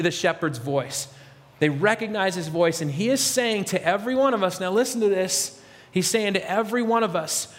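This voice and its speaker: A man's voice: high-pitched, a bit bright, in a large hall. A man preaching a sermon as a pastor, earnest and emphatic.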